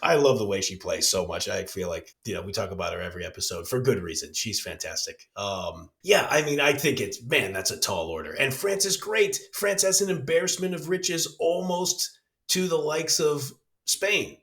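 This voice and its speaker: A man co-hosting a casual soccer podcast, relaxed and laid-back, swearing now and then. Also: medium pitch, normal speed, vocal fry. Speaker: podcast co-host. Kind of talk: casual sports chat. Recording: roomy echo.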